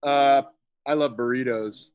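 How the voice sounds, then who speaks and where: A man's voice: medium pitch, fairly even intonation, measured pace, clear, resonant tone, dull audio. Middle-aged man, podcast guest, loose jokey rambler who curses freely. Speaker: guest, special effects artist. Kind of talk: casual podcast interview.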